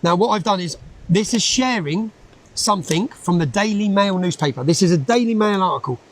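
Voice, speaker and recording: A man's voice: high voice, expressive, a little fast. A man giving an interview, speaking emphatically, repeating his points and tagging them with a questioning "yeah?". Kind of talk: conversational interview.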